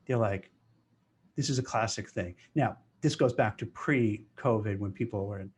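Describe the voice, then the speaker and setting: A man giving casual career advice in a lively way. He acts out office chatter in mock voices. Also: fairly low pitch, moderate pace, slightly rough. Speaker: career commentator.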